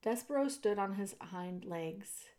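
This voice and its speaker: A woman reading a children's book aloud chapter by chapter, in an expressive way that speaks directly to the listener. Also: medium pitch, a little slow. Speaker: storyteller.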